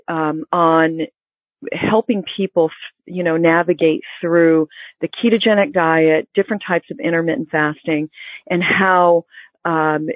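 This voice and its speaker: A woman health expert explaining diet in an interview, informative and measured. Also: deep voice, dry recording. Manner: explanatory, informative, with some restarts. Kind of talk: interview answers. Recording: phone-like, dry line.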